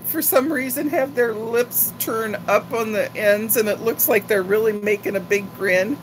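Chatty older woman, slow and rambling. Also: fairly high pitch, a little hiss or hum, rough recording. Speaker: vlogger. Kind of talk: casual live-stream chat.

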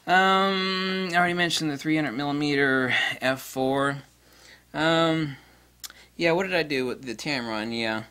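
A man giving a casual gear review in a blunt, crude and excitable way, breaking into laughter. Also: a little high, a little slow, smooth. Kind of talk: casual product review vlog.

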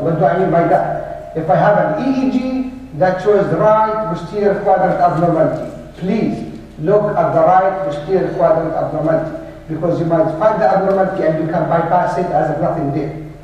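A man's voice: high-pitched, warm tone, dull audio. Man lecturing in an echoey hall. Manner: halting, many fillers, dry jokes. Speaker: neurologist lecturer. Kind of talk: medical lecture. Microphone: room mic, often away from it. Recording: echoey hall from far off, faint noise.

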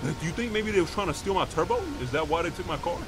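A man role-playing a mechanic in a game, excitable, slangy and swearing a lot. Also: fairly high pitch, very fast, noisy background. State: out of breath. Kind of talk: in-character game role-play.

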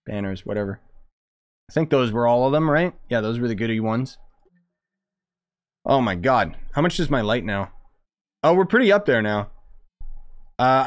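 A young man commenting casually while streaming a game, excitable and chatty, thinking aloud as he plays. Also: medium pitch. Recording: dry close sound with faint music.

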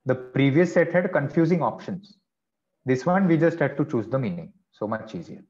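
A man's voice: medium pitch, animated, normal speed, darkish tone, muffled recording. A man teaching vocabulary in an online class, explaining patiently with chatty asides. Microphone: video call.

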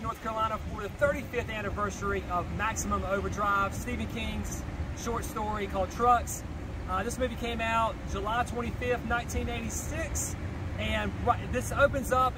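Rambling man vlogging on a noisy street. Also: high-pitched. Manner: rambling, full of fillers and restarts. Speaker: vlog host. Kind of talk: casual on-location vlog. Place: outdoors on a city street. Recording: outdoor street noise.

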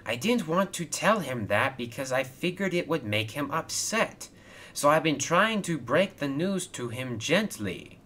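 A man's voice: on the high side, very animated, unhurried, bright, forceful tone, slight background noise, voice pushed up, full character voice. A man voicing a stern, hardworking male crane boss in a toy train storybook video, firm and exasperated. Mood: cross.

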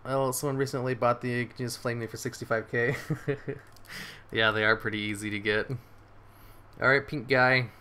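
A man giving excitable live commentary on his game, swearing and cheering his moves as he plays. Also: mid-range voice, moderate pace, clear, resonant tone. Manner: excitable, swears, laughs often. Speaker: gaming streamer.

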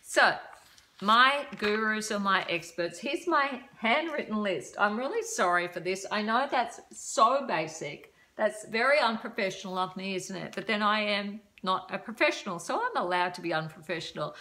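A woman's voice: mid-range voice, animated, moderate pace, sharp tone. An older woman in casual chat to camera, giving dating advice, chatty and self-deprecating, laughing often.

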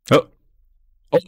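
A man's voice: no echo, studio quality. A man giving casual, amused running commentary while reacting to an anime episode, laughing often.

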